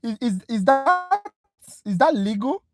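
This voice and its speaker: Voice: medium pitch, very animated, unhurried, over music. A tutor talking to viewers in a casual livestream review class, ranting with exasperation before moving to the teaching. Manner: exasperated, talkative rant; direct, addresses viewers as guys.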